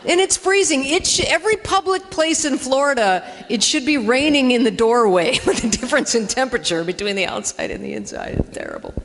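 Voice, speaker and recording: A woman's voice: high-pitched, expressive, a little fast, few pauses, a bit bright. A woman doing a chatty, self-mocking stand-up set in a church hall, acting out dialogue in funny voices. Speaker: stand-up comedian. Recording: live in a reverberant hall.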